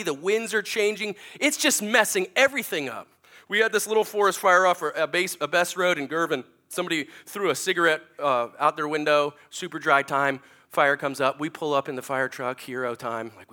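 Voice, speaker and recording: A middle-aged man preaching a sermon, acting out stories with sound effects and then dropping to a quiet, earnest tone. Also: high-pitched. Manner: animated, acts out sounds and stories, drops to hushed tones. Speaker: pastor. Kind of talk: sermon with storytelling.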